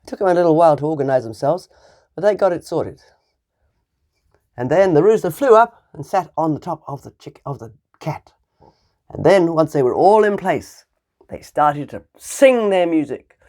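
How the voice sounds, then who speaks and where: A woman teacher telling a fairy tale to young children, animated and playful, acting out the animal sounds. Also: sits low, moderate pace.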